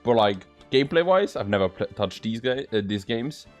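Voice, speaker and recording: Rambling man with a lively voice. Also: mid-range voice, moderate pace, faint music behind. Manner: rambling, full of filler words. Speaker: gaming channel host. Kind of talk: casual let's-play commentary.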